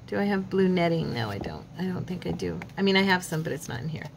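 A woman's voice: on the low side, fast, gravelly, noisy background. A woman hosting a crafting video, chatting casually as she works, with faith-filled asides and laughs at herself. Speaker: craft channel host. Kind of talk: casual crafting tutorial chat.

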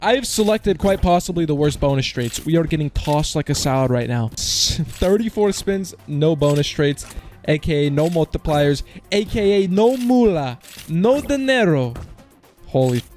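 A young man in his twenties giving excitable, casual commentary as he plays an online slot, groaning at losses and shouting at wins. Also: fairly high pitch, moderate pace, soft background music. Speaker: slot streamer.

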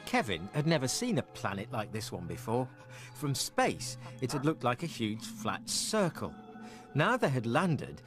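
Lively male storyteller reading a kids' tale. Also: medium pitch. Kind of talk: children's story narration.

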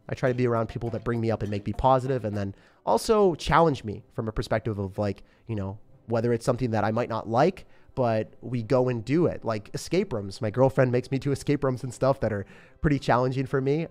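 A man's voice: mid-range voice, darkish tone. Chatty young man streaming a game. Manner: chatty, upbeat, rambling with fillers. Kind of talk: casual live-stream chat while gaming.

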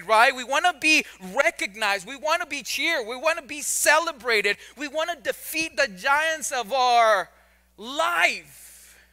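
A man's voice: extremely high pitch, sharp tone. A male pastor preaching a sermon in a conversational way, often repeating words and adding joking asides.

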